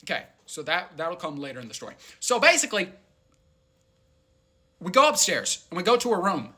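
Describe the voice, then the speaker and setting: Brief: young male vlogger, casual and rambling, lively swooping pitch. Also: a little fast, breathy edge. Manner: rambling and animated, full of "like". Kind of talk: casual storytelling.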